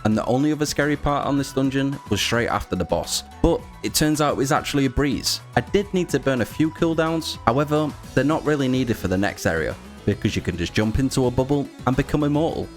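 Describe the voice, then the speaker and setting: A man narrating a game recap in a scripted voice-over, wry and a touch sarcastic as he tells it. His voice sits at an ordinary pitch for a man, with quiet music playing underneath. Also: quick pace, hardly any pauses. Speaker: gaming video creator.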